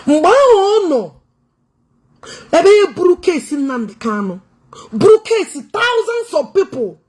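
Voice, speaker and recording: A woman's voice: extremely high pitch, very animated, measured pace. A Nigerian woman with an Igbo accent giving a taunting, confrontational commentary vlog, switching between languages and scolding her target. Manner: taunting, confrontational, loud and teasing. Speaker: online commentator. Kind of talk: mocking commentary vlog, mixing Igbo, English and Pidgin.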